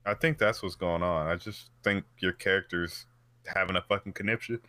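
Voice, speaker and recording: Wisecracking man with a bright voice. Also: sits low, steady tone, moderate pace, no echo. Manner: wisecracking, profane, brief interjections. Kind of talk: casual chat.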